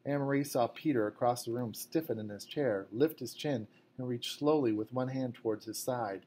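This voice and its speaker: A man reading a novel aloud at a measured, fairly quiet pace. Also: mid-range voice. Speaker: audiobook narrator. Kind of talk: scripted narration.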